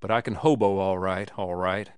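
A man's voice: low voice, fairly even intonation, moderate pace, smooth, dry recording, studio quality, close to an everyday voice. A man doing rowdy slangy laundryman. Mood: pleading. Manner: slangy working-class talk, loud outbursts. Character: rough hard-drinking laundryman, excitable and boastful.

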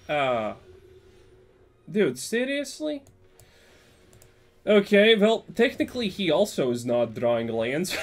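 Young man, card game commentary, sarcastic banter, animated pitch, fairly high voice. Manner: joking, sarcastic rambling. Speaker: gaming YouTuber. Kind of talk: gameplay commentary.

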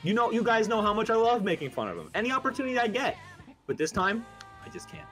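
A man giving excited live stream commentary on a fighting game tournament, exclamatory and quick to laugh. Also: very high-pitched, soft background music. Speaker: esports commentator.

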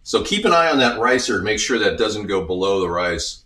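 A man's voice: fairly low pitch, big pitch swings, a little fast, sharp tone. A man in a home kitchen talking through a recipe in a casual, rambling way with joking asides. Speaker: home cook showing a recipe. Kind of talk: casual cooking demonstration. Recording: echoey kitchen, mic at a distance.

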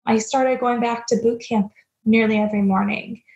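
A woman's voice: fairly high pitch, fairly even intonation, normal speed, vocal fry, darkish tone. A young adult woman speaking as a podcast guest, earnest and reflective, a little self-deprecating about her stepmom experience. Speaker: guest, stepmom platform founder. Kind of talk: candid podcast interview. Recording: dull lo-fi remote audio.

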